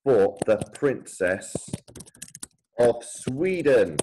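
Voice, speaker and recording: A man reading out the boastful line of a brash young male gem thief in a slow, drawn-out way. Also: mid-range voice, big pitch swings, warm tone, slight background noise. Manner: slow, drawn-out read-aloud delivery.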